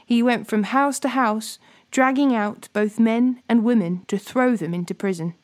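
A woman reading scripture aloud in a steady, deliberate way, with small slips now and then. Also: a little high. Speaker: Bible reading host.

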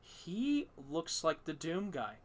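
A man's voice: fairly high pitch, wildly swooping pitch, slow, background noise. A man hosts a podcast in an easygoing storytelling chat. His delivery rambles, is full of fillers and restarts, and is peppered with profanity. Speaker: podcast host.

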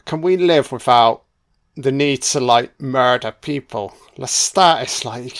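A man's voice: medium pitch, slow pace, fairly bright tone. A man giving a casual, crude audio commentary while watching a film. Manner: crude, chatty, sweary.

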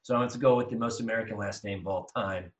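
Man, 30s, podcast co-host; low voice, rambling storytelling, sounds off-mic in a roomy space. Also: racing, recorded from a distance, lo-fi sound, noisy background. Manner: rambling, animated storytelling with restarts. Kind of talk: casual storytelling chat. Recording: echoey room, voice off-mic.

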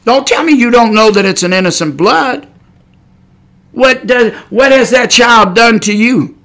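A man preaching a sermon on a podcast, blunt and folksy, firing rhetorical questions and breaking into sudden shouts. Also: extremely high pitch, a little slow.

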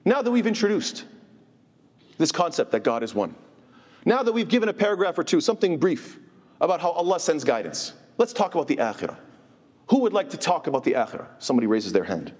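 A man giving an informal religious lecture, animated and asking his listeners rhetorical questions. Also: fairly high pitch, a little fast. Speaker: Islamic teacher. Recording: long hall reverb.

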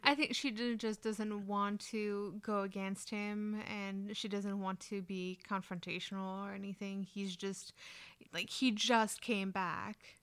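A woman's voice: medium pitch, steady tone, unhurried, fairly bright tone, clean tone. A woman co-hosting a casual film podcast, reacting and adding her own reading of the characters. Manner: chimes in with short reactions and laughs. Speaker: podcast co-host. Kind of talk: casual movie discussion.

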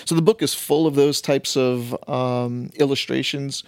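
A man's voice: mid-range voice, steady tone, a little slow, no echo, clean studio sound. A man in casual conversation, explaining ideas through long illustrations with many fillers. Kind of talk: casual conversation about faith.

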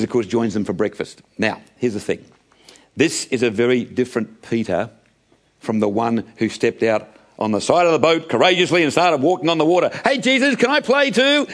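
Preacher man in a dramatic sermon. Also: mid-range voice. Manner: dramatic, acts out voices of Bible characters; addresses listeners as friends.

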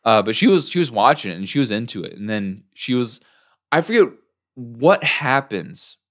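Man with a lively, swooping voice. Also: medium pitch, moderate pace. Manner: rambling scene recap, heavy filler words. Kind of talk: casual podcast chat.

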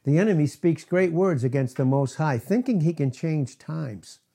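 A middle-aged man preaching a sermon as pastor, emphatic, asking rhetorical questions and swinging from loud to hushed. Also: a little high, expressive, normal speed, creaky, breathy edge.

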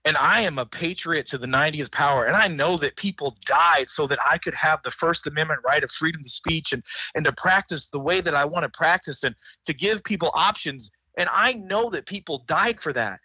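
A man's voice: on the high side, bright, forceful tone, slightly rough, no room sound, poor audio. Fervent man pleading his case. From Missouri, USA. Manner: fervent, emotional, repeats words. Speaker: guest, doctor. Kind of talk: impassioned interview appeal.

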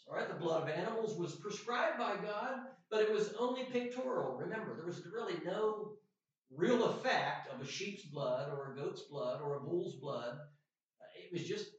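A man teaching a Sunday school class, with a fairly high voice for a man. He talks in a loose, conversational way and keeps asking "right?" as he goes. The room sounds very echoey, and his voice comes from a distance, dull and muffled. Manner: conversational, often checks in with "right?" and "all right?"; reads scripture aloud in slow, deliberate emphasis. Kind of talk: Bible lesson. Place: church classroom.

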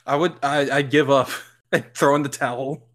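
A young man co-hosting a podcast, chatting casually while reacting to a film and breaking into loud laughs. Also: medium pitch, moderate pace. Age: young adult. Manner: excitable, laughs loudly. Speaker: podcast co-host.

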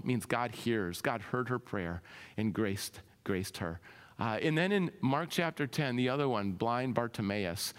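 Pastor guy preaching hard, goes loud then real quiet, fairly high voice, big echoey hall. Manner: impassioned, swells loud then drops soft. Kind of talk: sermon.

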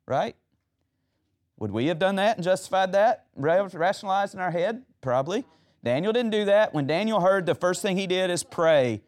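A man's voice: high-pitched, animated, normal speed. A man preaching a sermon, retelling Bible stories and asking the audience questions.

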